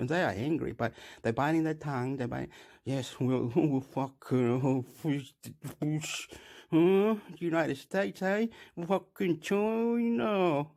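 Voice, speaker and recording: Guy with a gravelly kinda higher voice, rambling on, laughing and cussing between thoughts. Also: darkish tone. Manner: rambling, laughs often, swears. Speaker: commentator. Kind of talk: rambling off-the-cuff commentary.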